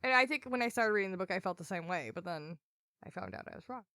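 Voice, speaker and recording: A woman's voice: medium pitch, lively intonation, quick pace, bright, forceful tone, dry recording, studio quality. A woman co-hosting a podcast, chatting in a playful way and swearing casually. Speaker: podcast co-host. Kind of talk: casual chat.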